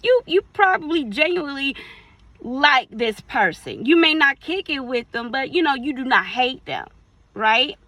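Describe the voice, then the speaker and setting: Woman minister, casual sermon, animated, slips into playful character voices. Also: high voice, measured pace, no echo, poor audio. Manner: animated, acts out little dialogues in playful voices. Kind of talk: casual preaching.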